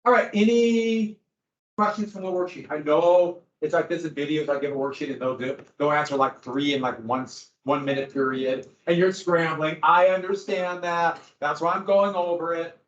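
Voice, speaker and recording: A man's voice: fairly high pitch, normal speed, few pauses, a bit bright, slight background noise. A man teaching a history class, explaining in a loose, conversational way to his students in a classroom. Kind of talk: classroom lecture. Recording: echoey, dull lo-fi classroom audio.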